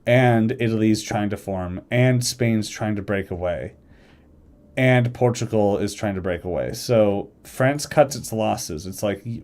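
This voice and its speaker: A man with a fairly low voice chatting loosely on a live stream. He rambles and restarts his sentences, dropping into quick little voices for the nations he describes. The talk is unscripted and easygoing. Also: darkish tone. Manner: rambling, self-correcting, acts out nations in quick quoted asides. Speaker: streamer discussing a game mod's alternate history.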